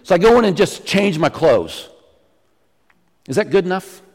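A middle-aged man preaching a sermon as pastor, animated and teasing the congregation. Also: high-pitched, moderate pace, long reverb tail. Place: church sanctuary.

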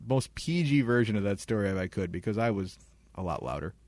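A young man co-hosting a podcast, telling a story in casual chat, animated and laughing often. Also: on the low side, brisk, no echo. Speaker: podcast co-host.

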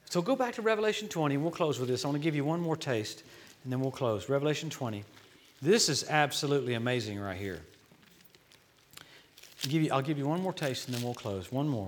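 A man preaching a sermon as a guest speaker, telling stories in an animated, joking way that swings from loud to hushed. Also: fairly high pitch. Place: church.

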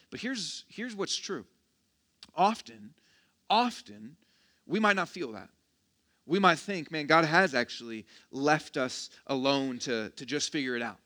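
Bright-voiced casual pastor preaching. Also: male voice, fairly high pitch. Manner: casual, joking, self-deprecating with restarts and laughs. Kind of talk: sermon. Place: church.

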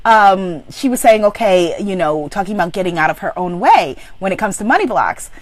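A woman with a mid-range, animated voice talks fairly quickly, without any echo. She leads a live online abundance coaching session, joyfully affirming her audience and reading their comments out.

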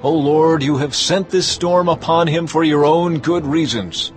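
A man reading panicked sailors, higher and louder, urgent shouts over music. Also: animated, normal speed. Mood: pleading. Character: desperate male sailors crying out in a storm.

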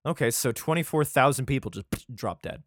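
A man hosts a podcast and reads old scripture aloud. His pitch swings up and down with animated energy. He trips over the archaic words and keeps breaking in with crude, irreverent remarks, recorded dry with no room sound. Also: brisk, dry recording. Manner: irreverent, profane asides, stumbles over words. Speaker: podcast host. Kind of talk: casual scripture reading with commentary.

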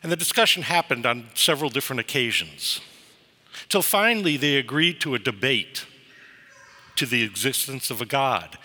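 A preacher gives a sermon in a vivid storytelling style, his slightly high voice very bright and lively in its rise and fall. It rings with long reverb, as though recorded in a church hall.

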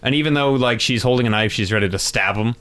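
A man's voice: mid-range voice, fast talker, fairly bright tone, clear, resonant tone. A man co-hosting a podcast, recapping a movie in casual chat with lots of ums and uhs. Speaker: podcast co-host.

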